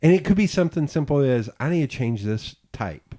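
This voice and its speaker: A man hosting a podcast, chatting casually and telling stories, jumping up in pitch when he acts out what people said. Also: brisk, no room sound, clean studio sound. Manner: animated storyteller, acts out quotes with jumps in pitch. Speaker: podcast host and designer. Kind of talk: casual interview chat.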